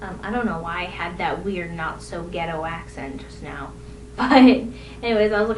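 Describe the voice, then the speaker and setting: A young woman telling rambling, self-deprecating stories from her own life in a casual vlog. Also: moderate pace. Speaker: vlogger. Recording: echoey room, distant mic, faint rumble.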